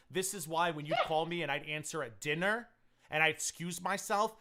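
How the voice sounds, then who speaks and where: A man's voice: on the high side, a little fast, sharp tone. A man hosting a livestream panel, ranting angrily and swearing a lot. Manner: angry profane ranting.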